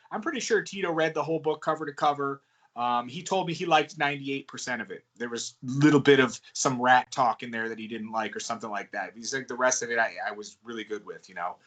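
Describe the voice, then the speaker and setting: A man from the United States, a guest author answering interview questions in a relaxed, rambling way with many fillers. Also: mid-range voice, fairly quick. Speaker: guest author and wrestling ghostwriter. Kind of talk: casual podcast interview answers.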